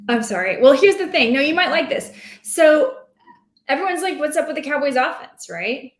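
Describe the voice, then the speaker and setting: A woman chatting about fantasy football in an animated, rambling, playful way. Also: high voice, moderate pace. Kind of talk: casual sports chat. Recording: roomy echo.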